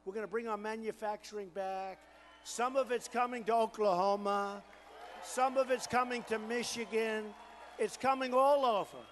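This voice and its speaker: A man giving a campaign rally speech, boastful and repetitive, riffing to the crowd and building to shouted crescendos. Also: high-pitched, steady tone, normal speed, big-room sound. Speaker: political candidate at a rally.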